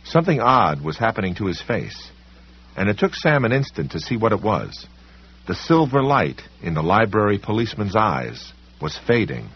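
Male audiobook narrator, husky, animated pitch, dramatic, dull recording. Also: moderate pace. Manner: dramatic, varied storytelling delivery. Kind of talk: scripted narration.

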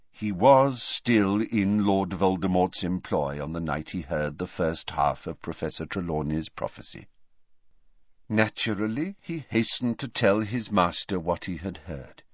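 A calm, grave old wizard, read by a male narrator, speaks softly and with great patience. His delivery is measured and quiet. The recording is dry and slightly dull. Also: low voice, no echo, voice pushed down.

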